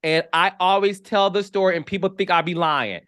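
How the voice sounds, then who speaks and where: A man from the Midwest hosting a casual podcast interview. His voice sits a little high and comes through smooth and crisp in a dry, close recording. He talks emphatically and repeats words when he gets excited. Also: fairly quick, no room sound. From American Midwest. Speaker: podcast host.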